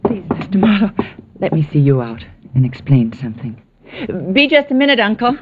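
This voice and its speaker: A woman in 1940s radio acting, playing a collector's earnest, quick-tempered young niece, on a dull old radio broadcast. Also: medium pitch, sing-song, slight background noise, close to an everyday voice.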